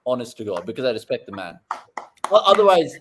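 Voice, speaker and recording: A young man hosting a live cricket watchalong, joking around and bursting into loud excitement at big moments. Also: medium pitch, fast, noisy background. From India. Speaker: watchalong host.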